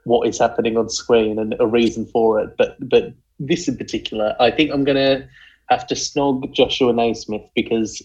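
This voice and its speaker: A man co-hosting a casual chat, speaking with wry indignation as he reasons aloud. His voice sits at a medium pitch, and the recording sounds a little dull and muffled. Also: steady tone, moderate pace, darkish tone. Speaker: co-host.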